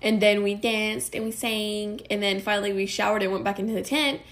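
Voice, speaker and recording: A woman's voice: mid-range voice, steady tone, fairly quick, fairly bright tone. A young woman vlogger chatting casually and telling stories with a bubbly, laughing manner. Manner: bubbly, storytelling, laughs often. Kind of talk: casual chat.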